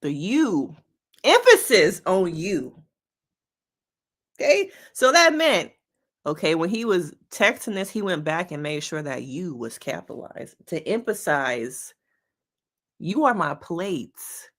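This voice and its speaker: Lively, bright-voiced woman therapist chatting. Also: fairly low pitch, a little slow. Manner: expressive, chatty, talks straight to viewers; slangy and playful. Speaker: licensed therapist reacting to a reality show. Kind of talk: casual reaction commentary.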